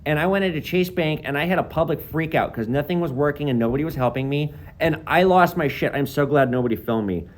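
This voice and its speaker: A young adult man who runs a shop, telling a story to camera in a quick, emphatic way and acting out what people said. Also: on the high side, slight background noise. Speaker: shop owner and video creator. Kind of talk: storytelling vlog monologue.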